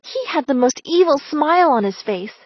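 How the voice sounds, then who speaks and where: A woman narrating a first-person story in a dramatic, expressive way. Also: high voice, normal speed, dry recording. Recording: slightly dull, dry recording.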